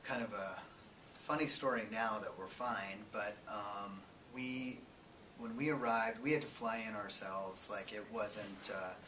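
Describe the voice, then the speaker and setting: A man speaking to a class as a guest, casually recounting his time as a journalist, halting with fillers and sinking to a near-whisper on grim parts. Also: lowish voice, pushed and bright. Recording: distant mic with noisy background.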